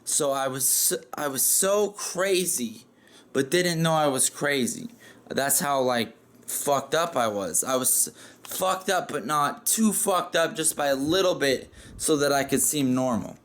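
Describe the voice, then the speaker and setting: A man's voice: medium pitch, expressive, a little slow, a bit bright. A man telling a story casually, rambling and profane, with lots of "like" fillers.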